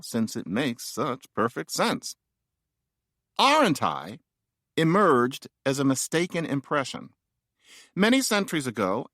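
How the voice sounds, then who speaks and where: A man reads his own nonfiction book aloud, playful and wry, with chatty asides. His voice is mid-pitched and swings widely in melody. The sound is dry and close, recorded in a studio. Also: fairly bright tone, no echo. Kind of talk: nonfiction audiobook narration.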